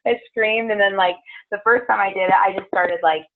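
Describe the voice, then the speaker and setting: A woman's voice: medium pitch, brisk. A woman leading a meditation group, chatting in a rambling way full of fillers, then guiding the group through a grounding meditation. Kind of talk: casual chat and guided meditation. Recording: tinny phone-like lo-fi recording.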